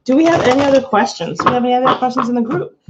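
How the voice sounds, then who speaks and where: A woman's voice: high voice, rapid-fire, very noisy. A woman doing a casual live tarot reading, chatty and giggly, rambling between the cards and her viewers. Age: adult, not under eighteen. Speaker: tarot reader. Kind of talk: casual live-stream chat. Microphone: webcam or phone, camera from below. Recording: slightly dull lo-fi stream audio.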